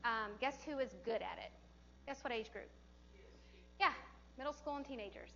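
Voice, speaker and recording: Woman CPR instructor, chatty, encouraging, slightly high voice, muffled room recording, faint noise. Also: moderate pace, vocal fry, sharp tone. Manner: chatty and encouraging, laughs often. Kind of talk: hands-on class instruction. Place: classroom or training room.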